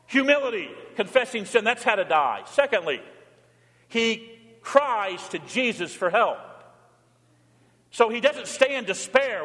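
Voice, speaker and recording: A pastor preaching a sermon, moving between plain teaching and short acted-out pleas spoken in quoted voices. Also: male voice, high voice, big pitch swings, unhurried, long pauses, fairly bright tone. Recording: church hall reverb.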